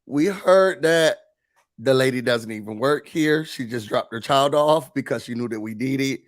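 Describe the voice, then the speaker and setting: A man hosting a mock office meeting in a faux-serious, deadpan manner, breaking into put-on emotion now and then. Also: mid-range voice, normal speed. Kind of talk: comedic mock corporate briefing.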